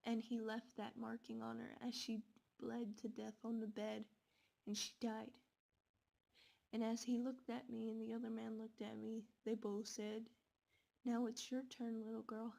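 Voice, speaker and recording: A woman telling a scary story in the first person, with slow, dramatic delivery. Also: on the high side, flat delivery, creaky, dark tone.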